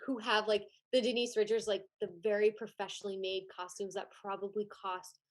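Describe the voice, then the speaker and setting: A chatty young woman speaks as a podcast guest with a mid-range voice. Her talk is casual, full of "like" and quick laughs. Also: medium pitch, flat delivery. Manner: chatty, laughs often, heavy use of "like". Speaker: podcast guest, former pageant contestant and judge.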